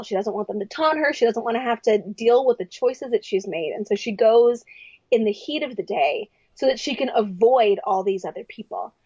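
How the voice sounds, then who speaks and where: A young adult woman speaking as a podcast guest in casual, reflective talk, animated and acting out quoted voices. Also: on the high side, husky, no room sound. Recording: dry, slightly dull sound.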